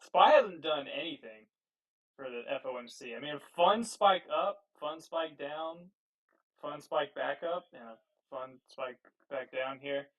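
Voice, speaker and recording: A man with a fairly high, slightly bright voice hosts a live trading stream, speaking unhurriedly and loosely, thinking aloud with fillers and swearing as he gives casual market commentary. He's picked up on wireless earbuds, so the audio is dull, distant and thin.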